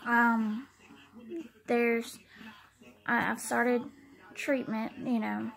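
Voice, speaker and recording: A young woman, talking in a halting, tearful personal vlog, close to tears and often repeating herself. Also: a little high, little pitch movement, vocal fry, a bit bright, poor audio. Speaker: vlogger.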